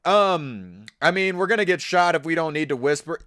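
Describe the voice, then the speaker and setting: A male streamer rants at his screen, loud, profane and openly mocking what he hears. His pitch leaps all over the place, and his voice sits somewhat high for a man. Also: expressive, moderate pace. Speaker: livestreamer. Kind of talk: casual live-stream reaction chat.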